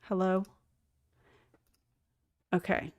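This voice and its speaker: A woman's voice: fairly low pitch, little pitch movement, extremely slow. A woman hosting a casual livestream, chatting to viewers and cooing to her cat. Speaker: streamer host.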